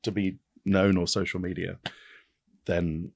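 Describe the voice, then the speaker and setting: Low-voiced animated man. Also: gravelly, dry recording. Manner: animated, quick restarts and repetitions. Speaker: podcast guest. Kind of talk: casual interview chat.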